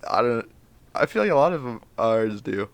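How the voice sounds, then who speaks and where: A man's voice: mid-range voice, animated, moderate pace, no echo. A man co-hosting a podcast in casual chat, laid-back and rambling. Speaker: podcast co-host.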